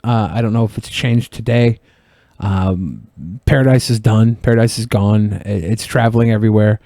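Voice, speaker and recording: A man's voice: lowish voice, steady tone, moderate pace, warm tone, dry recording. A man hosting a podcast, talking in blunt, profane and rambling casual commentary. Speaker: podcast host.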